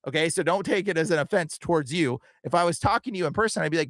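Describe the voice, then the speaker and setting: Fast, earnest and casual, the young host of a livestream podcast fills his speech with "bro," "like" and other fillers. His pitch is fairly high and a bit bright, with no room sound in the recording.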